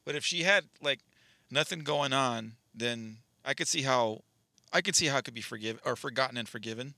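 A man's voice: mid-range voice, fairly quick, sharp tone, dry recording. A man co-hosting a casual podcast, teasing with crude jokes. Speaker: podcast co-host.

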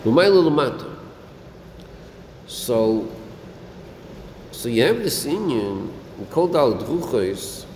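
A man's voice: medium pitch, very animated, very slow, pauses often, darkish tone. A man teaching a lesson in a study hall, asking his students questions and mixing in Yiddish and Hebrew terms. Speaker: Torah teacher. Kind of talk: Talmudic-style lesson with students. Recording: echoey room, faint air conditioning hum.

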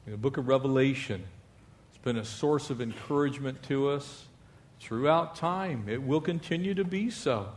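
A male pastor preaching a lively sermon, asking the congregation for amens and mixing in jokes. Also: mid-range voice, moderate pace.

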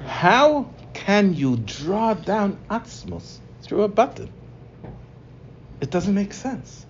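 A man's voice: high-pitched, very animated, slow pace, slight background noise. A man teaching a religious text line by line, explaining and asking rhetorical questions. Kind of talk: text-study lesson. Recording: dull lo-fi recording.

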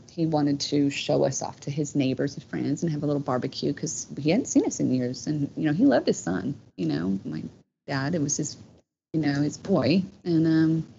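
A woman tells a personal story as a podcast guest, heartfelt and rambling, filling it with plenty of "you know." Her low voice is mellow with vocal fry, and the dull lo-fi podcast audio carries slight background noise.

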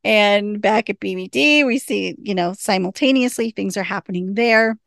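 A woman's voice: medium pitch, moderate pace, gravelly, a bit bright, dry recording, studio quality. A woman casually recapping a TV episode, retelling scenes and quoting the characters in a chatty way. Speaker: podcast co-host.

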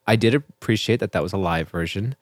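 A man's voice: on the low side, fairly quick, no room sound, studio quality. A young man co-hosting a radio music show, talking casually and a bit hesitantly. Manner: hesitant, self-deprecating.

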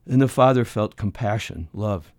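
A man's voice: on the low side, normal speed, dry recording, clean studio sound. A middle-aged American man giving a conversational teaching talk on evangelism, often restarting his phrases and acting out short dialogues. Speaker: ministry teacher.

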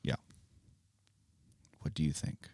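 A man's voice: slow pace, dark tone, no echo, studio quality. A man hosting a casual Bible podcast for children, talking in a playful, teacherly way. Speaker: podcast host.

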